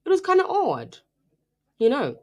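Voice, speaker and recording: A young South African woman co-hosting a live radio show, chatting and telling stories in a lively, casual way. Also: high-pitched, moderate pace, dull audio. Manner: chatty, animated storytelling, mixing in local phrases. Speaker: radio co-host.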